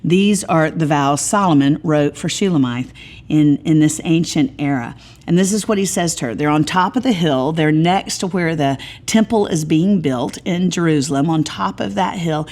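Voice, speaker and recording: A middle-aged woman teaching a Bible study in a folksy, animated way, acting out quoted voices. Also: low-pitched, normal speed. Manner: animated, folksy, acts out voices when quoting.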